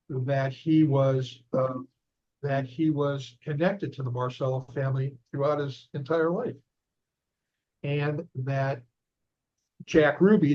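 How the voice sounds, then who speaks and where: An older man, an author and investigator, telling a story conversationally as an interview guest. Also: mid-range voice. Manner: animated anecdote-telling, recounting dialogue. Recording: dull lo-fi audio.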